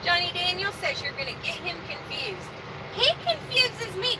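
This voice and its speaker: A woman's voice: very high-pitched, sing-song, normal speed, noisy background. A woman co-hosting a casual live stream from a truck cab, reading viewer comments and teasing her partner. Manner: teasing, corrects his pronunciation.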